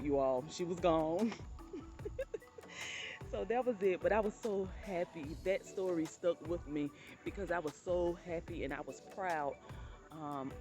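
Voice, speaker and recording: A woman's voice: deep voice, darkish tone. A woman, chatting to her viewers in a casual storytelling vlog and calling them honey. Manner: chatty, addresses viewers as honey and you all. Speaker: vlogger telling personal stories.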